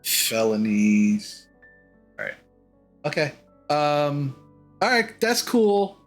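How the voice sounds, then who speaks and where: A man narrating a tabletop game as game master. He talks in a slightly high voice, hesitant and filled with ums and restarts. Faint music plays underneath. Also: big pitch swings, drawn-out words.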